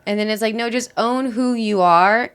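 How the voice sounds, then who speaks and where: A woman's voice: on the high side, normal speed, fairly bright tone, clear, resonant tone. Candid woman in casual chat. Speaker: podcast co-host.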